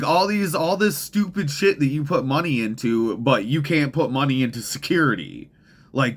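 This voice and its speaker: Heated, profane young man ranting. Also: on the high side. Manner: profane, heated, rambling with restarts. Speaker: podcast host. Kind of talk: ranting commentary podcast.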